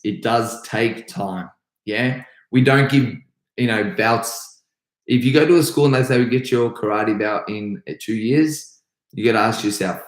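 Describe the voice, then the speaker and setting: A man's voice: on the low side, roomy sound, poor audio. An Australian man, a karate instructor hosting a live stream, answering viewers' comments in an upbeat, chatty way full of restarts.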